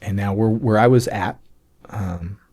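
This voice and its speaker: A man's voice: on the low side, unhurried, a little mellow. Man telling an emotional personal story. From United States. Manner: storytelling with lots of fillers and acted-out dialogue. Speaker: podcast guest.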